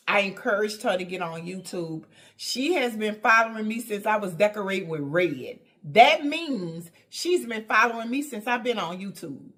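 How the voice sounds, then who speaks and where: A woman with a mid-range voice talks casually in a vlog about her home decorating channel. She tells a story punctuated by laughs and excited squeals, slowing down and softening when something moves her.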